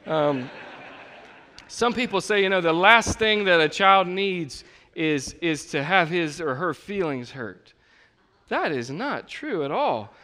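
A man in his thirties preaching a sermon in a conversational, animated way, acting out the voices of the people he quotes. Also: a little high, slow pace. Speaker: pastor. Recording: long reverb of a large hall.

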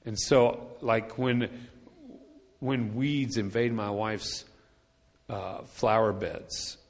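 A man's voice: fairly low pitch, fairly even intonation, drawn-out words, gravelly. A man preaching a sermon as a pastor, telling a personal story in a chatty way and repeating his key points for emphasis. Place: church sanctuary. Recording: long church hall reverb.

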